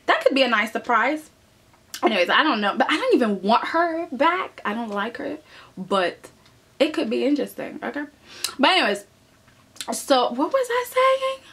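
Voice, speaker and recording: A woman reviewing soap opera episodes in casual, animated chat, often tossing in "okay?" and mocking the characters. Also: on the high side, breathy edge. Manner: animated, chatty, keeps adding "okay?"; acts out characters in mocking asides.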